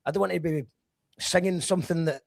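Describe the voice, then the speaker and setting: A man's voice: fairly high pitch, fairly quick, vocal fry. A man hosting a casual chat, self-deprecating and chatty. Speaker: podcast host.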